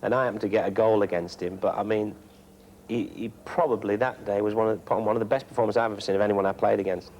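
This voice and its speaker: Ex-player interview, male, lowish voice, easy anecdotal delivery with a little background hiss. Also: fast talker, dull audio. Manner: relaxed storytelling, acting out the manager's quoted lines. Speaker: former footballer.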